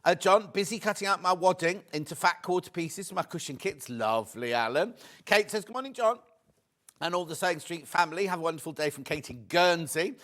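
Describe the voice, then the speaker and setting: A British man hosts a live shopping broadcast from a studio. His slightly raised voice is chatty and excitable. He rattles through prices and reads out viewer greetings. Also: high voice, fairly quick. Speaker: shopping channel presenter. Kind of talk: live shopping show chat.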